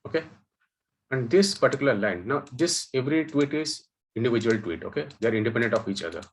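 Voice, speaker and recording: A data science instructor teaches a webinar lecture, explaining terms step by step and frequently checking in with "okay" and "guys." His mid-range voice is expressive and quick-paced. The recording is rough.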